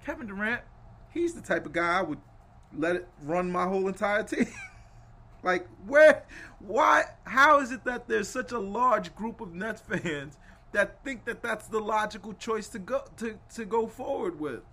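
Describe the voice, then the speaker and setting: A man hosting a casual sports podcast, animated and rambling, laughing often as he talks. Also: high voice, unhurried. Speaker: podcast host.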